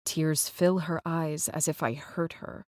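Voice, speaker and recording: A woman narrating a first-person audiobook in a measured, tense, clipped way. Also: deep voice, fairly even intonation, a little mellow, no echo, clean studio sound. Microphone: close studio mic.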